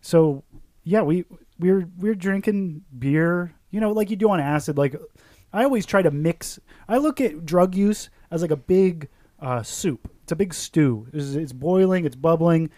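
A man spins a loose, rambling story for a table of friends. His voice sits a little high, and he laughs through his own punchlines. The sound is dry and close. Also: animated, moderate pace, dark tone, no room sound. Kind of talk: casual storytelling among friends.

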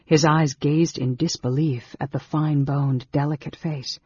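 A man reading a fantasy novel aloud as an audiobook narrator, in a measured, dramatic way. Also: a little high, steady tone, darkish tone, husky, no echo. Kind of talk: scripted narration. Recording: dull lo-fi recording.

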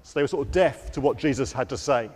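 A man giving an all-age church talk, telling the story in a lively way to children and acting out the quotes. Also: mid-range voice, fast, breathy edge, big-room sound. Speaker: preacher. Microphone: wearing a microphone.

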